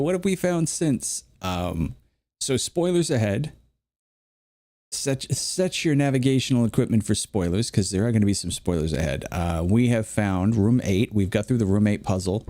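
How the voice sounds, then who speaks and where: A man streaming a video game, chatting casually and telling rambling, animated stories. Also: medium pitch. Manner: rambling, animated storyteller who acts out quotes.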